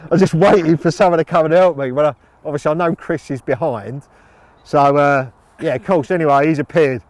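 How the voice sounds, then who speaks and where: A man's voice: fairly high pitch, no echo. A man, a fishing consultant, telling a funny anecdote in a chatty way, chuckling and using sound words.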